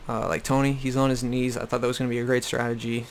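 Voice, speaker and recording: A man's voice: medium pitch, little pitch movement, quick pace, gravelly, a little hiss or hum. Profane young guy recapping. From Boston area. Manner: profane, blunt, repeats himself. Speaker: YouTube recap host. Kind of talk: casual rant-style show recap. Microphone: desktop USB microphone.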